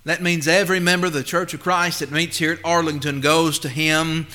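A man preaching a sermon. He speaks emphatically, swings between loud and hushed, and reads scripture slowly and deliberately. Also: a little high, level tone.

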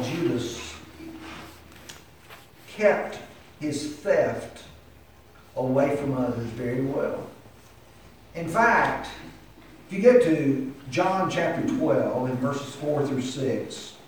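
A man's voice: fairly high pitch, slight background noise. A man preaching a sermon with impassioned delivery that climbs to emphatic peaks. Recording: echoey hall heard from a distance.

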